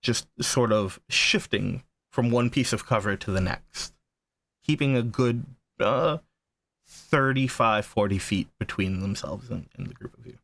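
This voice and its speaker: A man narrating a horror tabletop game as game master, halting and searching for words. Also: mid-range voice, vocal fry, a bit bright, no room sound.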